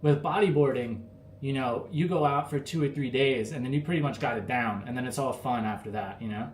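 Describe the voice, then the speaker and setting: A relaxed American man talks to his live chat in an easygoing, rambling way, filling gaps with "like" and "you know." His voice sits at an ordinary pitch for a man. The room around him is echoey, with a faint background hum. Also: fairly quick. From United States. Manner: laid-back, rambling, lots of fillers. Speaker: livestream host answering chat. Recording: roomy with faint ambience.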